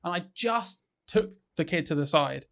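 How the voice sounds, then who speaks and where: A man who is a teacher, co-hosting a podcast in casual chat, telling classroom stories in a quick, animated way. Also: on the high side, vocal fry. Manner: quick, animated storytelling with laughs. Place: tiny room.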